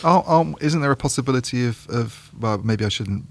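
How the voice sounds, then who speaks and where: A man's voice: medium pitch, expressive, a little fast, gravelly, slight background noise. A man co-hosting a podcast in casual chat, hesitant and wry, often restarting his sentences. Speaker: podcast co-host.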